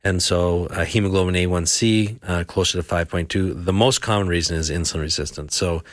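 Low-voiced man explaining health, halting. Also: steady tone, no echo, studio quality. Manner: halting, many fillers and restarts, explanatory. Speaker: health practitioner answering listener questions. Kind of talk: radio health talk show.

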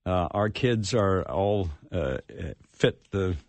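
Deep-voiced guy hosting, halting questions, dry close sound. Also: expressive, darkish tone, dry recording. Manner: halting, many fillers and restarts. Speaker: host. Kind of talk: interview.

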